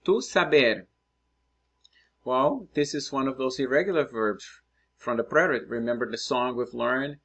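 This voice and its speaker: A man teaching Spanish, working through practice exercises out loud and thinking aloud as he writes. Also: mid-range voice. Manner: slow, patient, thinking aloud while writing. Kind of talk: screen-recorded lesson, working through exercises.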